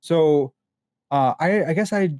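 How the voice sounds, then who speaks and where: A man's voice: a little high, slow pace, dry recording, studio quality. Candid, slangy young man telling stories. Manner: candid, animated storytelling with slang and fillers. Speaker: podcast guest. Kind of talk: casual conversation.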